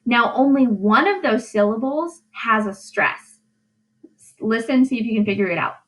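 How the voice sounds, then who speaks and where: A woman's voice: fairly high pitch, normal speed, low-quality recording. A woman teacher giving a recorded English lesson, drawing out syllables and checking in with "right?". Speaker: high school English teacher.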